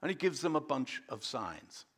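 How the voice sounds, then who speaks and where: A man preaching a sermon as pastor, telling the story in a relaxed, conversational way. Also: medium pitch, normal speed, slightly rough. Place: church.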